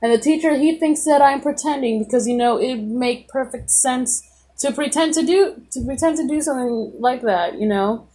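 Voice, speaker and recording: A woman's voice: high voice, moderate pace, warm tone. A woman casually telling a rambling personal story on a podcast, full of "like" and reenacted dialogue. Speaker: podcast host.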